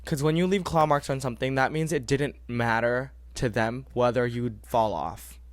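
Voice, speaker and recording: A young man hosting a podcast, giving earnest, animated advice in casual talk and repeating phrases for emphasis. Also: medium pitch, normal speed, no echo. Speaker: podcast host.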